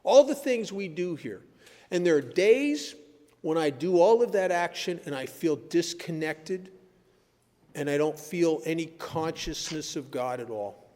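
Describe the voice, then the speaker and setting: A man's voice: fairly high pitch, animated, measured pace, a little mellow. An older man giving a personal talk at a recovery meeting, earnest and blunt, telling stories and pressing his points with sudden emphasis. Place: meeting hall. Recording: echoey hall.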